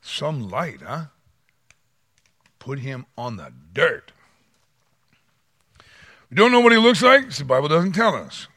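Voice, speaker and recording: A man delivers a sermon with a bright, lively voice that leaps up and drops low as he acts out quotes. The sound is close and dry, with no room around it. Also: slow pace, long pauses, husky, no room sound. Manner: animated, dramatic voice swings, acts out quotes. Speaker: pastor.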